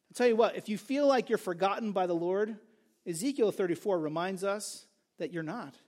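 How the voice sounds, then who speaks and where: A man's voice: sits high, a little fast, darkish tone. A male pastor preaching a sermon, earnest and emphatic, repeating key phrases for stress.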